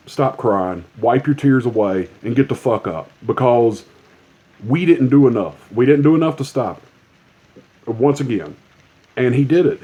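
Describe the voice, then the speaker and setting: A man in an angry, swear-laden rant, his tone dark and mellow at an average pitch. He hammers his points home with emphatic repetition. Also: husky. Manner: profane, heated, emphatic. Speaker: commentator.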